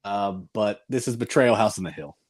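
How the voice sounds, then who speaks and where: A man's voice: fairly low pitch, lively intonation, normal speed. A man on a casual board game livestream, ranting emphatically with blunt put-downs.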